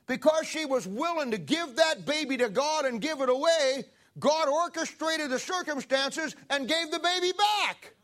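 A man preaching, retelling a Bible story in a folksy, animated way with fillers and asides. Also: very high voice, normal speed. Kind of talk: sermon storytelling.

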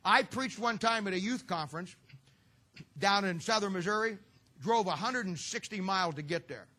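Middle-aged male preacher, high bright voice, folksy and joking, storytelling sermon. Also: normal speed. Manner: folksy, joking, sarcastic asides.

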